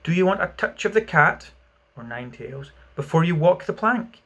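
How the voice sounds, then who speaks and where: A man voicing a silkily cruel pirate captain in an audiobook reading, his voice purring and mock-courteous, a little higher and louder than his narration. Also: expressive, normal speed. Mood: menacing.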